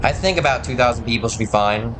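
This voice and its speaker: Male gamer, casual commentary, mid-pitched, chatty and quick with asides. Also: lively intonation, fairly bright tone, slight background noise.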